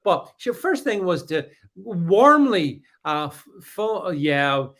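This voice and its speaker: A man co-hosting a podcast, chatting casually about politics and reading out live comments, with many restarts. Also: sits high. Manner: halting, many restarts, animated. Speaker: podcast co-host.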